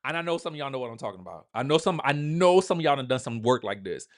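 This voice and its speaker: A man hosting a casual recap of a reality show. He talks straight to his viewers and acts out the cast members' lines in quick asides. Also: medium pitch, big pitch swings. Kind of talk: animated casual recap commentary.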